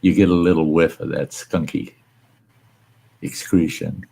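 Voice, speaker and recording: A man with a very low voice hosts a casual live stream chat. He tells rambling, folksy stories and swears mildly now and then. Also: steady tone, measured pace, vocal fry, mellow, slightly rough, low-quality recording. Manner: rambling, folksy storytelling with mild cursing.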